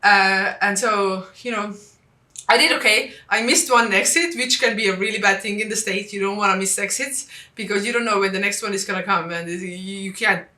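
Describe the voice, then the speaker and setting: A woman from Estonia, telling travel stories in a casual vlog and acting out the dialogue with lively jumps in pitch. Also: moderate pace, echoey room. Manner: animated, acts out quoted dialogue with big pitch jumps. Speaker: vlogger.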